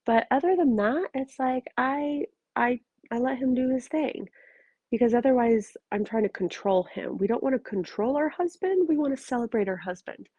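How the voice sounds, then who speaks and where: She speaks at a normal pace in a slightly high, animated, mellow voice, the dry recording cutting off the highs. A relationship coach hosting a podcast alone, she talks from bed, tired but blunt and emphatic, swearing freely.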